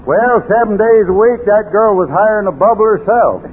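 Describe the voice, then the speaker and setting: A man's voice: high-pitched, moderate pace, a little hiss or hum. Man in a tinny old radio comedy. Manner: gruff, bantering, breaks into song. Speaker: comic playing a father. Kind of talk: 1940s radio comedy sketch.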